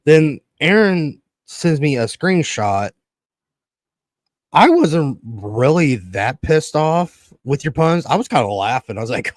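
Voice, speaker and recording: A man's voice: on the high side, big pitch swings, a little slow, no echo. A man co-hosting a podcast in casual chat, rambling, swearing often and acting out what others said. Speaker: podcast co-host.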